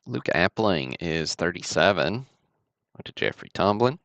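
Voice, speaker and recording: A man's voice: sits low, lively intonation, unhurried, fairly bright tone, no room sound, highs cut off. A man from Alabama, casually hosting a card-break livestream with easygoing, chatty commentary.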